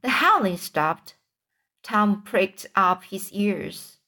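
Slow, stumbling woman reading a story. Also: mid-range voice, sing-song, pushed and bright. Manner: stumbling read with frequent restarts. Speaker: audiobook reader. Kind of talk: storybook narration.

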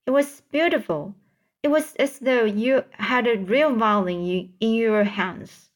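A woman's voice: fairly high pitch, unhurried, close to an everyday voice. A woman reading a storybook aloud and voicing a curious, eager small boy who stumbles over his words.

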